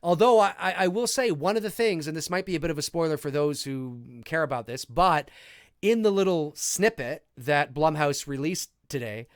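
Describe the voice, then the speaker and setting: Canadian man in his forties, high pitched, chatty co-host reading comments, dry recording. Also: normal speed, no room sound. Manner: chatty and animated, reads out viewer comments. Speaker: podcast host. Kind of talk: casual live movie commentary.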